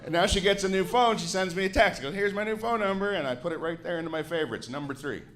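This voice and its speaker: A man's voice: high voice, fast, crowd noise, background noise. A man in his forties, a Canadian comedian, doing a grouchy, sardonic stand-up set with plenty of swearing on a club stage into a handheld mic. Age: 40s.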